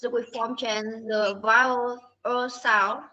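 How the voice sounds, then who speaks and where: A woman student reading a class presentation on pronunciation, slowly and carefully going through word lists. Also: a little high, steady tone, bright, forceful tone, slight background noise. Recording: dull lo-fi recording.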